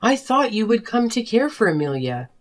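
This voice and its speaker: A woman voicing a fed-up wife and mother confronting her husband, indignant and sharp. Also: fairly high pitch, big pitch swings, moderate pace. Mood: angry. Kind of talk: narrated drama story dialogue.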